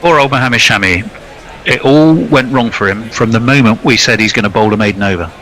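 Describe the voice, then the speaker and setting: Bright-voiced male cricket co-commentator. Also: medium pitch, fairly quick, poor audio. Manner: chatty, wry analysis. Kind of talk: live sports commentary.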